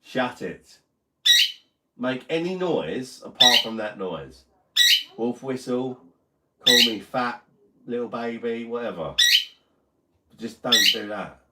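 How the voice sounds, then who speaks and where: A man's voice: medium pitch, lively intonation, slow pace, long pauses. A man hosting a casual live stream, bantering and swearing at his noisy pet bird while reading chat comments. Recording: loud parrot squawks behind.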